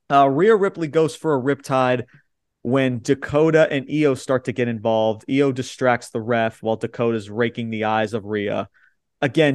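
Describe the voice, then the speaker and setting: A man's voice: medium pitch, no echo, clean studio sound. A man co-hosting a podcast, recapping a wrestling show in casual chat, blunt and swearing freely as he quotes the wrestlers. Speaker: podcast co-host.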